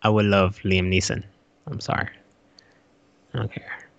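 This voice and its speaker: A young man co-hosting a casual podcast chat, excitable and swearing, with frequent restarts. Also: unhurried, highs cut off. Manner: excitable, swearing, jumps into high put-on voices when quoting. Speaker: podcast co-host.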